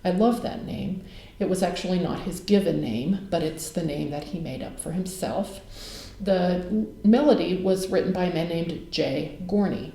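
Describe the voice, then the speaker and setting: Mellow-voiced woman teaching from home. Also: on the low side, normal speed, gravelly. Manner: relaxed, frequent ums and uhs. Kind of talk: casual video lecture. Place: home music room. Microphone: camera mic. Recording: roomy echo of a home room.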